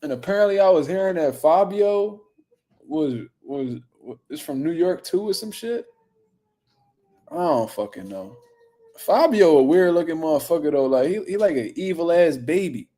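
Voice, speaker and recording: A man riffing through casual boxing commentary in a loose, profane, rambling manner. His voice sits slightly high, with a warm, mellow tone. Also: animated, moderate pace. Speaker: boxing news show host.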